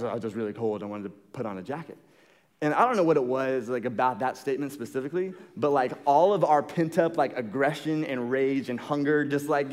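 Animated young man telling a sermon story. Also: medium pitch. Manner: animated, casual storyteller with many fillers. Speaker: pastor.

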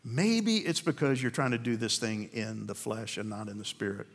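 A man preaching a sermon to a men's group, earnest and asking rhetorical questions, slowing down to land key points. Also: mid-range voice, vocal fry.

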